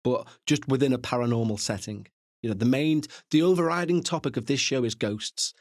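A man hosts a podcast in a mid-range voice, talking fairly quickly in a clean, dry studio recording. He chats casually with listeners, wandering into asides and swearing now and then.

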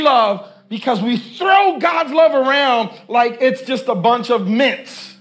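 High pitched guy preaching, reads a verse then stops and keeps asking the church to answer back. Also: expressive, unhurried, few pauses. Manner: calls on the congregation to answer, repeats questions; reads scripture and stops to comment. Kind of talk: sermon. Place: church with congregation.

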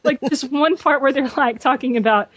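A woman on a podcast chatting casually, giggly and animated. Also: high voice, moderate pace, dry recording, poor audio. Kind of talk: casual chat.

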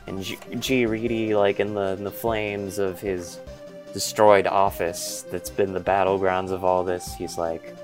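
A man's voice: sits low, level tone, a little slow, faint music behind. A man co-hosting a podcast, rambling through a comedic made-up movie recap. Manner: rambling, voices characters in quotes. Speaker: podcast co-host.

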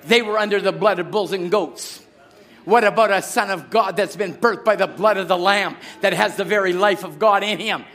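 A middle-aged pastor preaching a sermon, moving from quiet storytelling to shouted exhortation. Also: male voice, sits high, normal speed.

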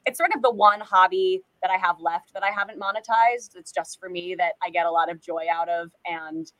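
A young woman from California talks casually as a podcast guest, bright and a bit sharp in tone. She's chatty and self-deprecating, scattering "like" through her sentences. The sound is dry and close, with little room. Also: fairly low pitch, a little fast, no echo, rough recording. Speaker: guest, actress and musician. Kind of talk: casual interview chat.

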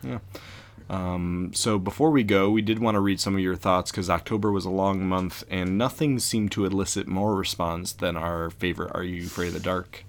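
A man's voice: low-pitched, steady tone, normal speed. A man co-hosting a podcast, chatting casually and laughing easily. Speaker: podcast co-host.

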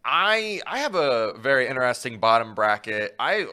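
A man's voice: mid-range voice, big pitch swings, normal speed, sharp tone, clear, resonant tone. A man co-hosting a sports talk show, easygoing and a little hesitant.

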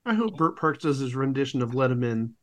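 A man's voice: mid-range voice, very animated, a little fast, a bit bright. A man co-hosting a podcast, making wry, rambling comedic asides about an old TV broadcast. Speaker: podcast co-host. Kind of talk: casual comedic commentary.

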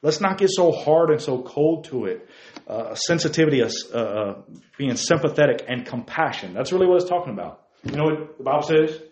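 A man's voice: a little high, expressive, a little fast, a little mellow, roomy sound. A man preaching a sermon as pastor, talking in a conversational way and asking the congregation questions.

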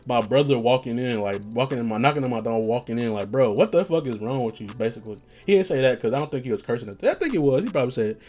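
A man's voice: mid-range voice, lively intonation, racing, hardly any pauses, a little mellow. Rambling, profane man telling stories. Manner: rambling, profane, laughing at his own stories. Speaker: podcast host. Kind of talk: casual storytelling.

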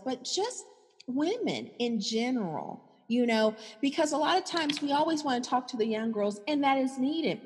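A woman hosts a casual interview and gushes with frequent wows. Her voice is husky and sits a little high. A long reverb trails each phrase. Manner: effusive, exclamatory, lots of wows. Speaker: talk show host.

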